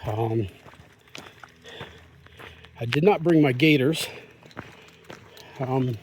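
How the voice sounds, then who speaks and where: Chatty hiker on a forest trail. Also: male voice, mid-range voice, drawn-out words, pauses often, slight background noise. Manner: rambling, chatty, talks softly to deer. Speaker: hiker vlogger. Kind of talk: casual trail vlog. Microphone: phone held in hand.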